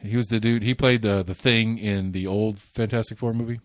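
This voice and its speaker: Low-voiced guy in his 40s, chatty podcast host, rambles and restarts a lot, dry close mic. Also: fairly even intonation, a little fast, dry recording. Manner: rambling, restarts often, laughs while telling stories. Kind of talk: casual chat.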